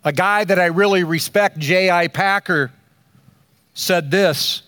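An older man preaching a sermon, slow and emphatic, with dramatic pauses between phrases. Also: high voice, bright, forceful tone, dry recording, studio quality. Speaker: pastor.

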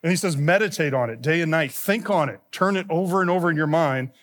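A man preaching a sermon as pastor, lifting his voice when he quotes scripture and dropping low to drive a point home. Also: quick pace, fairly bright tone. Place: church sanctuary. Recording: long reverb of a church hall.

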